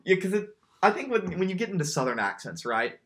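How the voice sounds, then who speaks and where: A man's voice: high-pitched, sing-song, brisk, fairly bright tone. This man co-hosts a podcast with easy, joking chatter. He laughs freely and often trips over his words, repeating them as he goes. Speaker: podcast co-host. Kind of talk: casual chat.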